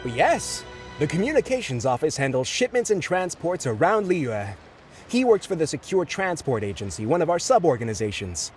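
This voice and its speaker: A man's voice: fairly high pitch, sing-song, moderate pace, faint music behind. A man voicing a polite, businesslike clerk in a video game who is pressed for time. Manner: courteous, businesslike. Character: polite busy male office clerk, hurried.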